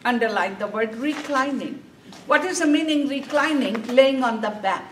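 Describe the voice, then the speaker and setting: In an echoey classroom heard from a distance with faint room noise, a woman lectures a nursing exam class, posing questions and answering them herself. Her high, slightly bright voice has lively intonation and a moderate pace.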